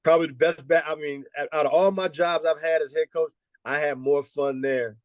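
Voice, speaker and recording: A man in his fifties, a former college basketball head coach, telling lively stories and peppering them with "man" and "you know". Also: a little high, brisk, no echo. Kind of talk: storytelling interview answers.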